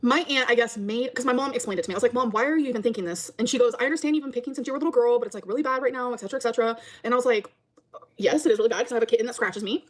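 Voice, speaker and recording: A woman's voice: fairly high pitch, racing, hardly any pauses. A woman telling a rambling story to camera in a casual vlog, full of fillers and acted-out quotes.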